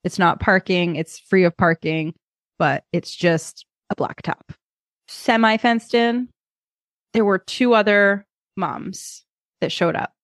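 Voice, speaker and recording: A woman in her thirties, co-hosting a podcast and telling a lively story in a casual chat. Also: medium pitch, slow, dry recording, studio quality. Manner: animated storyteller, acts out kids and herself. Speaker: podcast co-host.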